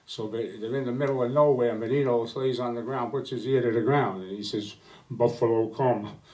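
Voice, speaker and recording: A man telling stand-up jokes with a halting delivery full of fillers. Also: mid-range voice, steady tone, a little mellow. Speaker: stand-up comedian. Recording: voice slightly distant from mic.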